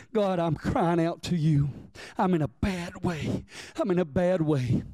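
A man preaching a sermon in a church, building from plain talk to shouted, drawn-out peaks and calling on the congregation to respond. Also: sits high, no echo, studio quality. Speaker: pastor.

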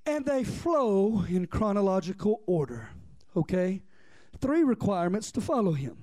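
A man with a strikingly high voice delivers a fervent sermon. He builds momentum through repetition, rising into shouts and pulling the congregation in with direct questions. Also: big pitch swings, measured pace. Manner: impassioned, rhythmic repetition, bursts into shouting. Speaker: preacher.

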